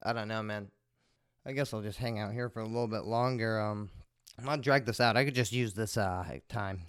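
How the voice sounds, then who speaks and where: A man's voice: lowish voice, steady tone, fairly quick, a bit bright, clear, resonant tone, dry recording. Laid-back, profane man rambling. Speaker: podcast host. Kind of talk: rambling casual storytelling. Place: at home, smoking while recording. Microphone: close desk microphone.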